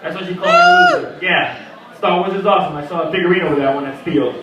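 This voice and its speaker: A high, bright young man works through a stand-up set, his pitch jumping all over as he acts out characters. The sound is echoey and a little distant, as if picked up from across a small room. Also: racing. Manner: animated, acts out characters with sudden squawks. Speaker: stand-up comedian. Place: small comedy venue at a birthday party. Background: audience laughter.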